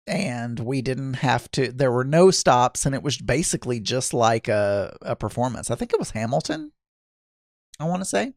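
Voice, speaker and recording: A man's voice: a little high, no room sound, clean studio sound. A man casually telling a rambling story, with many restarts and asides.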